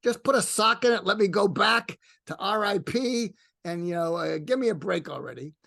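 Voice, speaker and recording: Guy doing a cranky older brooklyn dude, impatient, voice jumps up high. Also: moderate pace, vocal fry, fairly bright tone, no echo, clean studio sound. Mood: exasperated. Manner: exasperated, nagging. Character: impatient, grumbling older man, a late friend.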